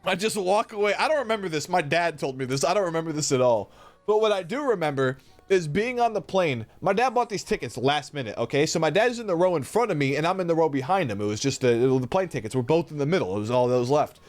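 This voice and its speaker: A man's voice: a little high, lively intonation, quick pace, faint music behind. A young man streaming live, telling a rambling, profane story and laughing a lot.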